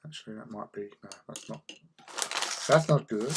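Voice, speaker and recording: A man's voice: mid-range voice, normal speed, heavy background noise. A man chatting casually while he paints miniatures, muttering to himself as he works. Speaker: hobby painter.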